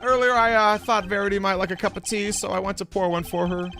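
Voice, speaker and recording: Man putting on a whiny, excitable young artist guy. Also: high voice, fast talker, soft background music, voice pushed up. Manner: whiny, pleading, dramatic.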